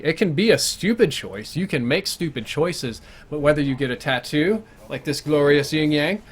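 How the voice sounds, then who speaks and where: A young man chatting casually while live-streaming a game, thinking aloud and answering viewers' questions between plays. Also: mid-range voice. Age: young adult. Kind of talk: live gameplay commentary chat.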